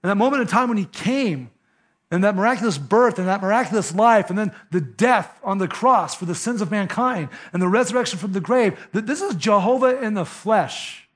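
A man delivers a sermon in a fairly high-pitched voice. He preaches emphatically and conversationally, speaking directly to his listeners. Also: expressive, fairly quick. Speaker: pastor.

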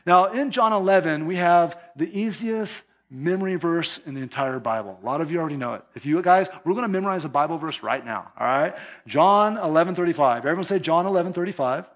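High-voiced animated preaching man. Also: brisk, hardly any pauses. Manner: animated, conversational preaching with chuckles. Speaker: pastor. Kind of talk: sermon.

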